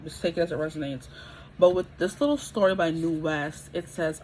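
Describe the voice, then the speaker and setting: A woman's voice: low voice, fairly quick, darkish tone, a little hiss or hum, low-quality recording. A woman in her twenties giving a casual pick-a-card tarot reading, chatty and rambling, often checking in with her listeners. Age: 20s.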